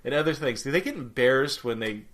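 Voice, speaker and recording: A man in his forties co-hosting a podcast, spinning anecdotes in casual chat. His voice has a bright, crisp edge, and he acts out quoted lines with big swings in pitch. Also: quick pace. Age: 40s. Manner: animated storyteller, acts out quotes. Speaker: podcast co-host.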